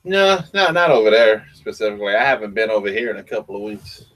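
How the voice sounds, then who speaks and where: A man's voice: fairly low pitch, fast talker. A man, chatting as a guest on a video call in an easygoing, folksy, joking way. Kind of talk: casual chat.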